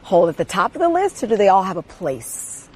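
A woman from the United States interviewing a guest, enthusiastic and quick with exclamations and laughter. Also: medium pitch, very animated, darkish tone, slight background noise. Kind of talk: casual interview conversation.

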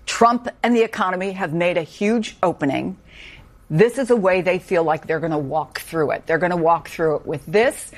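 A woman political commentator speaking earnestly and emphatically, often restarting her sentences. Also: fairly low pitch. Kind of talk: panel discussion.

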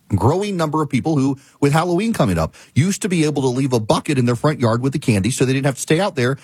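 With a slightly rough, a-little-high voice and no room sound, a male talk show host rants his way through a story, casual and fed up, restating his points to drive them home.

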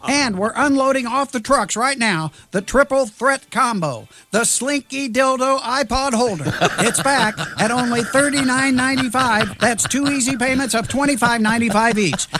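A man doing a squeaky TV pitchman. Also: moderate pace, hardly any pauses. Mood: salesy. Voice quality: high, bright, hard-selling. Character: fast-talking male TV pitchman, pushy. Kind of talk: comedy infomercial parody.

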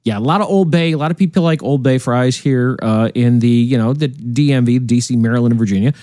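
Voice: medium pitch, fast, mellow, no room sound. A radio co-host in casual studio chat, rambling and repeating words as they go.

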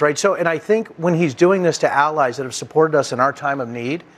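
A man's voice: fairly high pitch, fairly quick. A man speaking as a guest on a political panel, emphatic and personal, at times emotional.

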